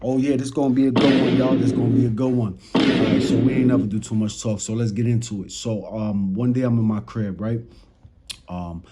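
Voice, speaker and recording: A man's voice: medium pitch, fairly quick. Slangy young man with a New York accent. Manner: slangy, talks to chat, animated retelling. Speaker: storyteller vlogger. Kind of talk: casual storytime. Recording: noisy background.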